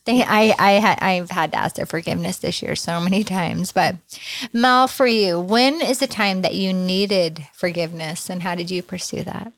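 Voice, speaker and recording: A woman in her forties hosts a casual church podcast in a low, dry voice. She speaks reflectively about her own failings and guides the talk with gentle questions. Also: normal speed, no echo.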